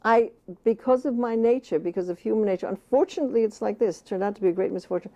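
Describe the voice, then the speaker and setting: Older female author being interviewed: passionate and emphatic, with a warm, relaxed voice at a middling pitch. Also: fast talker, muffled recording. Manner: impassioned, emphatic, speaks at times as the baby. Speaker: author interviewed about child care. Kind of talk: interview answers.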